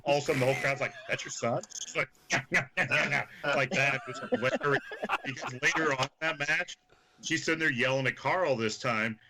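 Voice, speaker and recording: Against a noisy background, a Kansas wrestler appearing as a guest rattles off swear-filled stories quickly in a mid-range voice. It's relaxed conversation, and he acts out the quotes in his animated tales.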